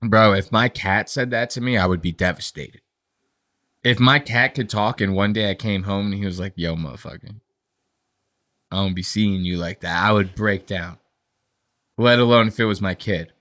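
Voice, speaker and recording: Young male podcast co-host, bright voice, casual profane rambler. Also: fairly low pitch, normal speed. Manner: profane, rambling storytelling with animated impressions.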